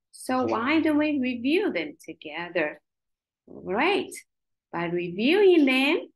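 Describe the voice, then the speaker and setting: A woman gives a one-on-one phonics lesson, sounding out letters and syllables with care. She speaks slowly and deliberately. Her voice swings widely in pitch as she coaxes the child along. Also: poor audio. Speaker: spelling tutor.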